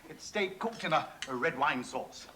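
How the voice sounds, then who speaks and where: An actor playing a flustered, apologetic middle-aged husband hosting a failing dinner party, in a 1970s British studio sitcom. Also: male voice, fairly high pitch, animated, moderate pace, crowd noise, natural voice. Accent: British English. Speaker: host of the dinner party, Chris. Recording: old TV broadcast with noise.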